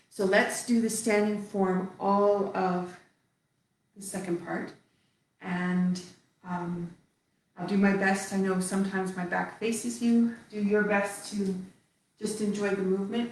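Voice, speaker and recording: Slow-paced woman cueing a movement class. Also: mid-range voice, a little hiss or hum. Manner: calm step-by-step cueing while moving. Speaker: qigong instructor. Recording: echoey room from far off.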